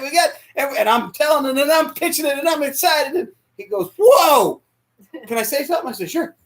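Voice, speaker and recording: An emotional male pastor preaching in a church, his voice high and swinging widely in pitch. He drops to hushed near whispers, then climbs to shouts. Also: animated, fairly quick, creaky. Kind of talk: sermon. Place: church sanctuary.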